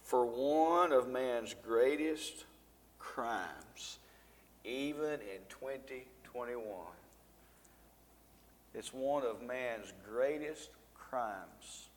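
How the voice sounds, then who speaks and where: A man's voice: medium pitch, drawn-out words, a little hiss or hum. A man teaching a Bible lesson, reading scripture with rising emphasis and talking folksy to the congregation. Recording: long reverb in a church hall.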